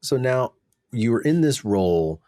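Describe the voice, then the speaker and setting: A man's voice: medium pitch, big pitch swings, unhurried, dark tone, no room sound, studio quality. A man hosting an interview, affirming the guest and recapping her points before asking questions. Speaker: podcast host. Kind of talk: conversational interview.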